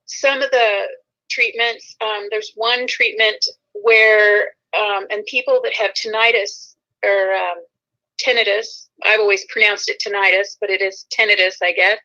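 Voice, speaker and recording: A woman's voice: medium pitch, steady tone, measured pace, pushed and bright. A woman hosting a casual talk show, rambling a little and correcting herself as she goes. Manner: rambling, self-correcting, laughs often. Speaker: show host. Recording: muffled lo-fi sound.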